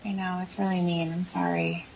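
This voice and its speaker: A woman's voice: on the low side, level tone, moderate pace, creaky, darkish tone. A woman on an archived phone call, speaking in a subdued, defensive way. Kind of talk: phone argument.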